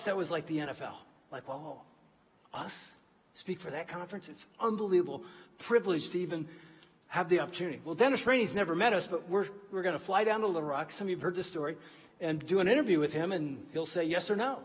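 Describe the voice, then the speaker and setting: A man preaching a sermon and telling a story, often dropping to a hushed voice for emphasis. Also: high-pitched, long reverb tail. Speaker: pastor. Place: large church auditorium.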